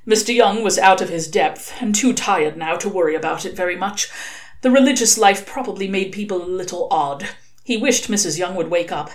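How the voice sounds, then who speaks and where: A woman reading a novel aloud, telling it in an expressive, wry way. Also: mid-range voice, brisk. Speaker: reader.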